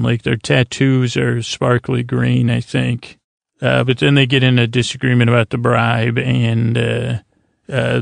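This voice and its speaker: Male podcast host, very gravelly, rambling casual recap, dry close sound. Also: medium pitch, no room sound. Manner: rambling, halting, heavy on fillers.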